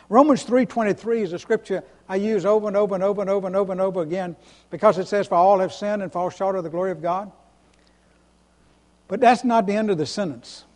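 A high-pitched man with a darkish tone preaches a sermon as a pastor, and a long reverb tail trails his voice. He is emphatic, stressing single words, repeating himself, and asking the congregation questions so they answer back.

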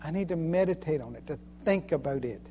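Folksy, high-voiced preacher with faint hum. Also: male voice, expressive, brisk, warm tone. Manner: folksy, chuckles often, repeats phrases for emphasis. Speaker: preacher and Sunday school teacher. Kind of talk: sermon.

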